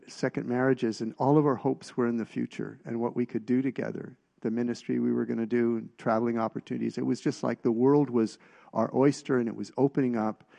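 A middle-aged man preaching a personal testimony, telling stories with halting restarts and getting louder at the punchlines. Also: mid-range voice, creaky. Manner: storytelling, halting restarts, rises in volume at punchlines.

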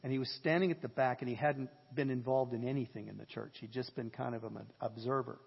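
A man preaching a sermon, telling a story in an animated way, with a husky voice. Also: medium pitch, fast talker. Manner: animated, jokes and shouts at peaks. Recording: lo-fi sermon audio with long hall reverb.

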